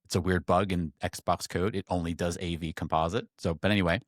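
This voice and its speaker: A man in his thirties, co-hosting a podcast, telling a personal story in a lively way and acting out the voices of the people in it. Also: fairly quick, no echo, studio quality. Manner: animated, acts out quoted voices in a higher pitch. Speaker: podcast co-host. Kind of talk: casual storytelling chat.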